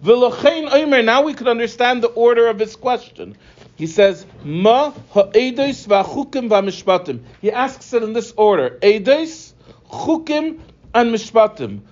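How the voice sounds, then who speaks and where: A man's voice: very high voice, expressive, normal speed. A man teaching a religious text line by line, explaining and asking rhetorical questions. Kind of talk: text-study lesson. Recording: dull lo-fi recording.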